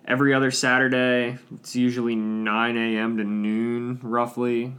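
A man hosting a casual car podcast, relaxed and rambling, swearing freely and trailing off with ums. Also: mid-range voice, normal speed. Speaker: podcast host.

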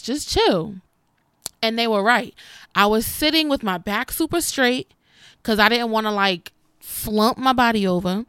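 Sassy twenties woman chatting to her viewers, smooth clear voice, dry close sound, calls everyone honey. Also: on the high side, fairly bright tone, no room sound. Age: 20s. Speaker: vlogger. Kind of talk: casual talk to camera.

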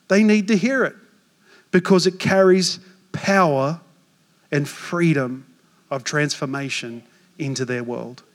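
An Australian man in his forties, a pastor preaching a sermon with animated, self-mocking stories. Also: high voice. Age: 40s. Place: church hall. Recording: long hall reverb.

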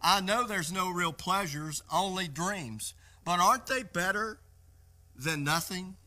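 A man's voice: sits high, expressive, measured pace, pushed and bright, heavily acted. A male preacher voicing a small, wheedling male lizard that pleads for its life in a spoken sermon story. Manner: coaxing, pleading.

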